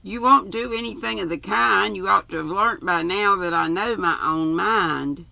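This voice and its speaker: A woman's voice: mid-range voice, moderate pace, gravelly, pushed and bright, no echo, pitched above the performer's own voice. An older woman reading aloud and voicing a cantankerous, imperious old aunt who scolds her visitors. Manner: haughty and scolding. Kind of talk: storybook reading.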